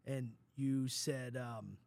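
A middle-aged man, a father, talking casually in an earnest, rambling, halting way. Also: mid-range voice, steady tone, gravelly, a little mellow. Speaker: father and podcast host. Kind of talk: casual conversation.

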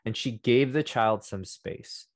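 Male podcast co-host, middle pitch, acts out quotes mid-story, dry recording. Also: a little slow, dry recording. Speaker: works with fourth graders. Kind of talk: casual discussion.

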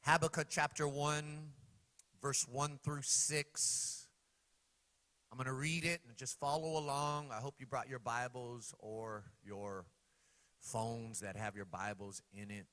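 A man preaching a sermon, swinging between loud, pleading cries and hushed asides while asking the congregation questions. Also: medium pitch, takes it slowly, pauses often, long reverb tail. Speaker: pastor.

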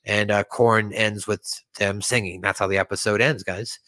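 A man hosting a casual podcast, recapping an episode and reading its lines aloud in a raised, animated voice, with faint music underneath. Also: on the low side, moderate pace, no echo. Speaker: podcast host.

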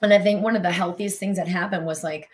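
A woman's voice: fairly low pitch, fairly even intonation, fast. A woman speaking in a flowing, effusive way during a casual conversation. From United States. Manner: emotional, effusive, flowing speech.

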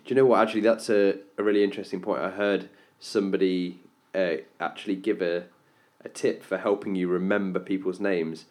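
A man's voice: low voice, little pitch movement, fairly quick, hardly any pauses, darkish tone. A man co-hosting a casual podcast chat, asking questions and giving rambling advice with many restarts. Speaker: podcast co-host.

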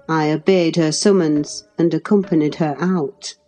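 A woman narrating a classic novel in a measured, expressive storytelling voice. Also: deep voice, faint music behind. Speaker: audiobook narrator.

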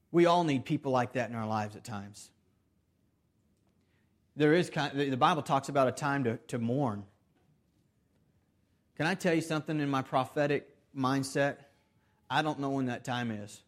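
A man preaching a sermon earnestly, with restarts and repeated phrases, swinging between loud emphasis and soft, hushed stretches. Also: medium pitch, moderate pace, pauses often. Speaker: pastor.

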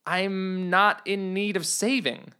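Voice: medium pitch, steady tone, slow, sharp tone, clear, resonant tone. A storyteller voicing a puzzled, practical young woman in a comedy storybook, speaking dryly and patiently and asking pointed questions. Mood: bemused. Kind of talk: storybook reading.

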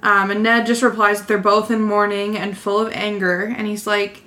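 A woman's voice: medium pitch, flat delivery, normal speed, hardly any pauses, bright, forceful tone. A young woman co-hosting a podcast, retelling a book chapter in casual chat, laughing often and stumbling over words.

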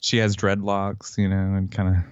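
A man's voice: low voice, completely flat delivery, normal speed, clear, resonant tone, no room sound, muffled recording. A man co-hosting a casual fan podcast, chatty and reading out descriptions. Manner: chatty, reads out descriptions, laughs easily. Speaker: podcast co-host.

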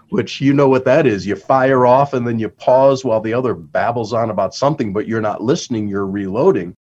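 A man's voice: medium pitch, a little fast, few pauses, a little mellow, breathy edge, highs cut off. A man, an author and workplace trainer, talking as a podcast guest who acts out the lines he quotes.

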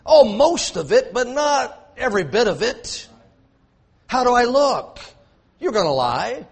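High-voiced slow preaching man. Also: sing-song, creaky, husky. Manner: emphatic, repetitive preaching with asides and jokes. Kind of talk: sermon.

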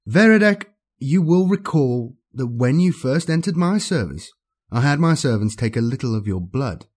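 A man voicing a cruel, imperious male alien overlord in an audiobook, cold and commanding, with drawn-out words. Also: mid-range voice, expressive, a little mellow, slightly rough, voice pushed up. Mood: menacing. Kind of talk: audiobook character voice.

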